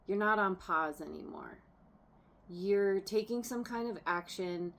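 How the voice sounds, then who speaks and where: A woman's voice: mid-range voice, measured pace, creaky, a bit bright. A woman doing a casual tarot reading, chatty and laughing often, trailing off and restarting her sentences as she turns cards. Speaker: tarot reader.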